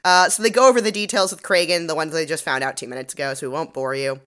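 Low-voiced sarcastic woman podcaster. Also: quick pace, a bit bright. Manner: sarcastic, swears freely. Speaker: podcast co-host. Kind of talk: casual recap chat.

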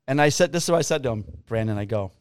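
A middle-aged man, a police officer, telling a story in a casual, profane, animated way. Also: medium pitch, very fast, clean tone, no room sound, studio quality.

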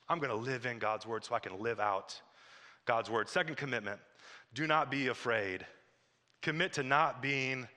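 Bright-voiced pastor preaching in a hall. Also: male voice, mid-range voice. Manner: emphatic, repetitive preaching with quoted phrases. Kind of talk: sermon. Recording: long hall reverb.

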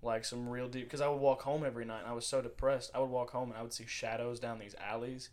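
A man's voice: medium pitch, steady tone, fast. A man co-hosting a casual podcast who speaks earnestly and uses a lot of slang. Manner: earnest, slangy, says "dog" often. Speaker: podcast co-host. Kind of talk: casual chat.

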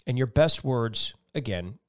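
A man's voice: mid-range voice, animated, unhurried, clean tone. A man hosting a casual podcast interview, eager and rambling, often restarting his sentences. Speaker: podcast host.

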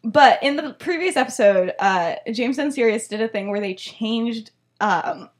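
A woman's voice: fairly high pitch, lively intonation, a little slow. Rambling young woman podcast host. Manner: rambling, full of "like" and "um". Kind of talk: casual storytelling chat.

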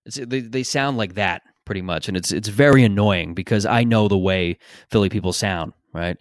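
A man's voice: fairly low pitch, normal speed, no echo, clean studio sound. A man hosting a podcast in a casual, rambling, opinionated monologue, swearing freely. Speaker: podcast host.

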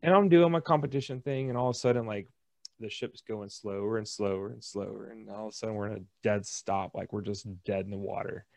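Man, podcast co-host, low voice, dry sound, animated storyteller. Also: a little fast, creaky, dry recording. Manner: animated storyteller, acts out quotes. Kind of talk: casual chat.

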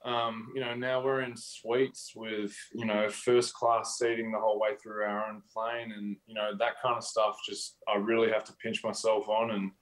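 A man's voice: lowish voice, little pitch movement, moderate pace, hardly any pauses, low-quality recording. An Australian man as an interview guest, talking casually and rambling with lots of fillers. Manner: rambling, full of "you know" fillers.

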